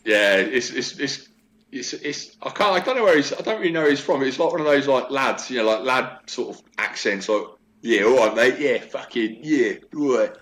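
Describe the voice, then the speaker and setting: A man's voice: mid-range voice, brisk. A man in his forties, a guest in a casual interview, chatting and telling stories with lots of fillers. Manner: chatty, animated storytelling with many fillers.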